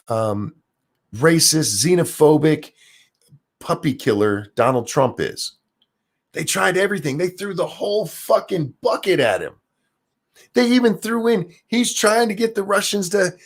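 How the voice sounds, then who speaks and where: A man's voice: mid-range voice, gravelly. A man hosting a ranting political livestream, swearing freely and reading out viewer donation messages. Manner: profane, ranting, reads donor messages aloud. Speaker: political commentary livestream host. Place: home, near geese outdoors.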